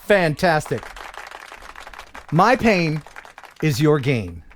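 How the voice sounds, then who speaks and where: A man's voice: fairly high pitch, very animated, drawn-out words, a faint crowd, slight background noise. A man hosting a live stream, chatting casually and joking, often laughing. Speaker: host.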